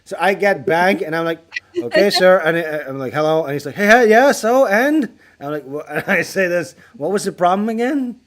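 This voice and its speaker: Answering viewer questions on a livestream, a man spins crude, rambling stories loaded with swearing and laughter, acting out callers in louder voices. His fairly high voice is animated and a little fast.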